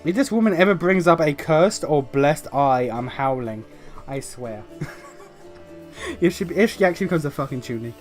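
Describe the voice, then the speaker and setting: A man's voice: fairly high pitch, lively intonation, moderate pace, soft background music. A man streaming a role-playing game, chatting casually with profane, joking asides to himself. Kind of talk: casual gameplay commentary.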